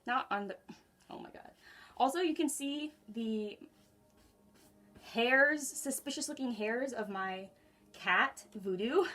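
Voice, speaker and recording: A woman's voice: a little high, animated, unhurried, long pauses, a bit bright. A woman giving a casual tarot reading at home, chatty and giggly, talking straight to her viewers. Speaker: tarot reader. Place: home room.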